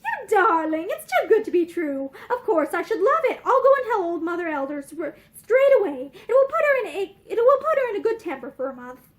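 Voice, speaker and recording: A woman's voice: very high-pitched, big pitch swings, fairly quick. Woman reading as a blunt, dry-witted young woman. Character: brisk, frank, worldly young woman.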